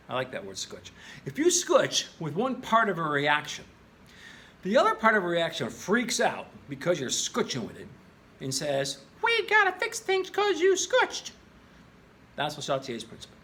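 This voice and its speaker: A male chemistry teacher recording a lesson at a whiteboard in his classroom, playful and jokey, often jumping into high exclamations. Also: background noise. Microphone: camera in the room.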